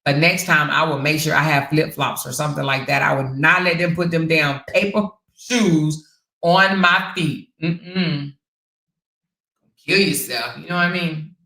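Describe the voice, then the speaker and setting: A woman hosting a casual livestream, telling stories and reading viewer comments in an animated, sassy way. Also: low-pitched, unhurried. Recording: roomy echo.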